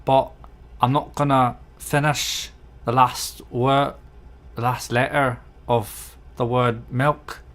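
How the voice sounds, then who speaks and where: A man's voice: medium pitch, level tone, slow pace, hardly any pauses, a bit bright. A man demonstrating and repeating phrases in a tutorial video.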